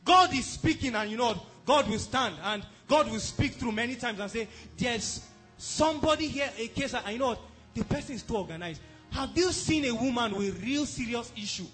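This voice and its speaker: A man's voice: extremely high pitch, expressive, normal speed, a bit bright, faint music behind. A male pastor preaching a sermon, emphatic, who keeps asking the congregation whether they are following.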